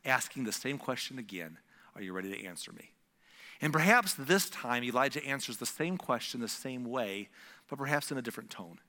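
A man preaching a sermon as a pastor, swinging from loud emphatic lines to hushed whispers. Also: medium pitch. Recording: long hall reverb.

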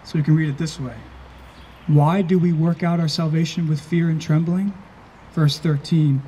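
A pastor preaching an earnest sermon, slowing down and stressing key phrases. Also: male voice, a little high, fairly even intonation, dark tone, slight background noise.

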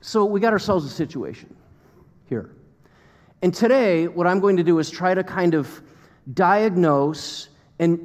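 A man's voice: on the high side, darkish tone, long reverb tail. An American man preaching a sermon to a congregation, talking conversationally with fillers and acting out quotes. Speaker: pastor.

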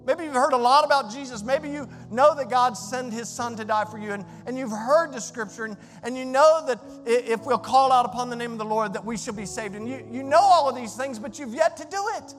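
An older man preaching a sermon as pastor, emphatic and conversational, swinging from hushed to loud with asides to the congregation. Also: very high-pitched, a little fast, few pauses. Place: church sanctuary. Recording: echoey hall with faint music.

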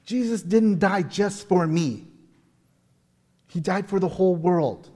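Forties guy preaching slow and earnest, kinda high voice, long echo of a big hall. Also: warm tone, breathy edge. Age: 40s. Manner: earnest, personal storytelling with emphatic repetition. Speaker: pastor. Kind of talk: sermon.

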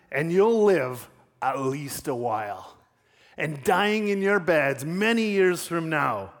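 A man's voice: high voice, creaky, voice pushed up, heavily acted. A man voicing a fiery Scottish rebel leader, in an attempted Scottish accent, declaiming a rousing battle speech to his troops. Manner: rousing, declamatory, rising intensity.

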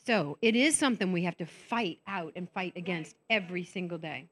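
A woman's voice: on the low side, a little fast, hardly any pauses, fairly bright tone. A woman speaking at a women's conference. She tells candid, self-mocking stories and acts out the voices of the people she quotes. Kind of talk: conference talk.

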